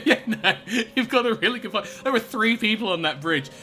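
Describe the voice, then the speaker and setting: Excitable streamer, lively voice. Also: male voice, sits high, fast, soft background music. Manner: excitable, swearing, laughing asides. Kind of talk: live game commentary. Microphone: desk microphone that sometimes peaks.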